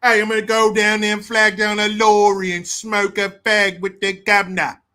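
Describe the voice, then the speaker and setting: A man's voice: high voice, completely flat delivery, normal speed, bright, forceful tone, pitched above the performer's own voice. An American man putting on an exaggerated, mocking fake British accent to play a cheeky bloke.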